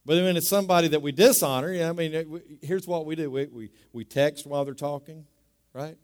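A man's voice: a little high, quick pace, a little mellow. A man preaching a sermon as pastor, talking in a conversational way, repeating words and asking the congregation to say them back. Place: church sanctuary. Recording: long reverb of a large hall.

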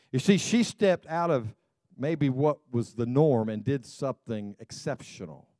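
A male pastor preaching a sermon in a conversational way, full of "you know" asides and quick laughs. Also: medium pitch, warm tone, no echo, studio quality.

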